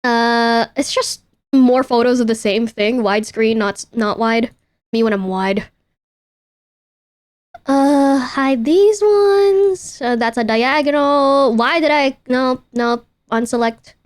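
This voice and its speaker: Young woman, high-pitched, casual livestream chat, playful, rambling, swears casually. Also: steady tone, takes it slowly, clean tone. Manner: chatty, self-interrupting, playful, swears casually. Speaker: VTuber streamer.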